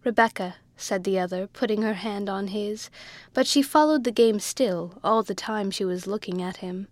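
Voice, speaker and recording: A woman narrating a classic novel as an audiobook reader, in a measured storytelling way. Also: medium pitch, a little mellow, dry recording. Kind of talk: scripted narration.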